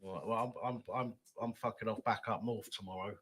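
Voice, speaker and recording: A man's voice: fairly low pitch, steady tone, fairly quick, fairly bright tone, no echo. A man hosting a live stream, chatting casually and swearing as he takes callers. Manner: laddish, sweary, rambling.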